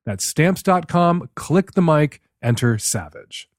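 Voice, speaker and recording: A man with a somewhat high voice hosts the show, brisk and emphatic. His sound is dry and close to the mic, and he presses his points with skeptical questions. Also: expressive, dry recording. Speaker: host. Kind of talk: host read ad and advice commentary.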